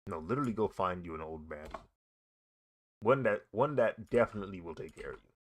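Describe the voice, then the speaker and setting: Low-voiced and animated, this young man talks a little fast while streaming himself drawing. His casual, rambling chat is full of laughter and frequent uses of "bro."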